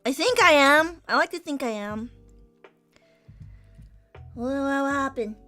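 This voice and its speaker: Bright-voiced young woman streamer, rambling. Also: sits high, animated, slow pace, soft background music. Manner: rambling, many restarts, casual swearing. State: recovering from illness. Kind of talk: casual chat while drawing.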